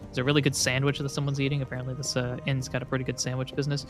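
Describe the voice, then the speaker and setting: A man's voice: mid-range voice, completely flat delivery, racing, music in the background. A man running a tabletop game as game master, rambling and joking as he narrates. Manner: rambling, joking, laughs often.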